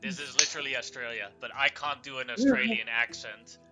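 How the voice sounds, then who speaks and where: A man narrating as game master of a tabletop game, casual and halting with fillers. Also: mid-range voice, very animated, sharp tone, faint music behind.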